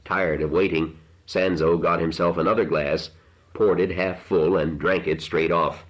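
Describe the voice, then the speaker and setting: Deep-voiced man reading a novel aloud. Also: fairly even intonation, unhurried. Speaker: narrator. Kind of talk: audiobook narration. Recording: dull lo-fi recording.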